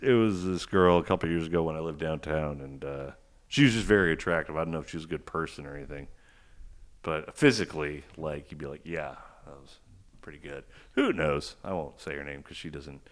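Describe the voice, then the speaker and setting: A man's voice: a bass voice, fairly quick. A man co-hosting a podcast in casual chat, rambling and making crude jokes. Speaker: podcast co-host.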